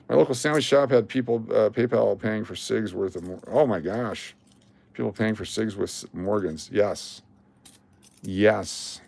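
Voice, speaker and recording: A medium-pitched male voice with vocal fry, captured on a dry recording, belongs to an older coin collecting streamer. Live on stream, he sorts coins, jokes casually, and reads out each date and mint mark.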